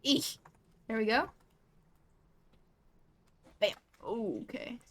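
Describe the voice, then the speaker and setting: A woman's voice: fairly high pitch, slow, a bit bright. A young woman casually commenting while playing a video game, often startled into squeals and apologizing to the creatures on screen. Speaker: gamer. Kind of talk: casual let's-play commentary.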